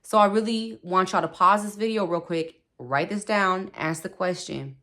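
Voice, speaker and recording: A woman's voice: fairly low pitch, moderate pace, fairly bright tone. A woman hosting a spiritual wellness talk, chatting casually with her viewers and laughing often. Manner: chatty, laughs often, repeats "okay", speaks to viewers directly. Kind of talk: casual spoken advice.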